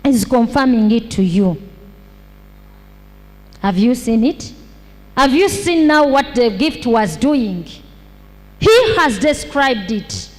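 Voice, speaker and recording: High-voiced woman preaching slowly. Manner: slow, repetitive emphatic preaching with rhetorical questions. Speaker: pastor. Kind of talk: sermon. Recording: long hall reverb.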